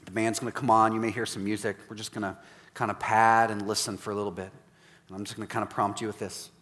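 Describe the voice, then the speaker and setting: Man in his 40s, pastor: lively sermon storytelling, then quiet reflective prompts, long church-hall echo. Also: on the low side, quick pace. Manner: animated storytelling, acts out dialogue, softens to quiet prayer prompts. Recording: reverberant hall.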